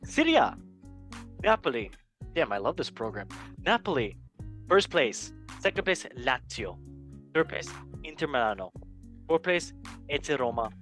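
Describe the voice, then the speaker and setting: A man's voice: mid-range voice, big pitch swings, a bit bright, faint music behind. A man hosting a casual sports show, playful and joking. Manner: playful, joking, quick asides. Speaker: host.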